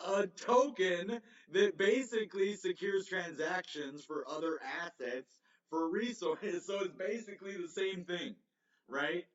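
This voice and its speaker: A man in a casual livestream, thinking out loud and tripping over his own words, laughing them off. His voice is mid-pitched and comes from some way off the mic. The room echoes, and the sound is slightly muffled. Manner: rambling, self-correcting, chuckles often. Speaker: crypto livestream host. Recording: roomy, distant, slightly dull mic.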